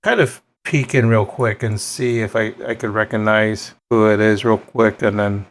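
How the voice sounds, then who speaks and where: A man's voice: fairly low pitch, fairly even intonation, normal speed. A man playing a tabletop game, talking hesitantly with lots of fillers.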